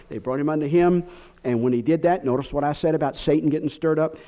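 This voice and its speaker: Emphatic preacher, lo-fi. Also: male voice, a little high, fairly even intonation, fast talker. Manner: rambling, digressive preaching with sudden emphatic outbursts. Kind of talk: sermon. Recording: dull lo-fi recording.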